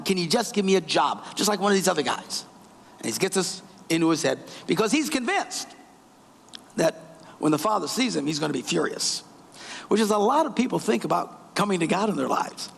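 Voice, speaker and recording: A man preaching a sermon as pastor in a church, telling a story in an animated way and acting out its voices. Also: high-pitched, vocal fry. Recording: reverberant church hall.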